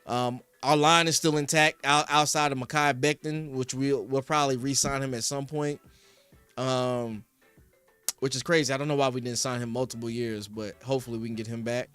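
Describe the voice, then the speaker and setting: A man's voice: mid-range voice, fairly even intonation, moderate pace, fairly bright tone, smooth, soft background music. A young man from Philadelphia hosting a casual sports show, rambling through talk and answering his live chat, and now and then working himself up into heated rants. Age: young adult. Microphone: studio podcast mic.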